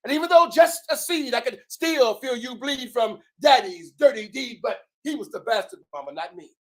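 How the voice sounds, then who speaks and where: A man with a very high voice performs spoken word on a bookshop stage. He swings hard between loud, driving lines and hushed ones. Between poems he hosts the evening in a looser, chatty tone. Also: animated, moderate pace. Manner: dramatic, swells and drops in loudness. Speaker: host and spoken word poet. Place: bookshop stage before an audience.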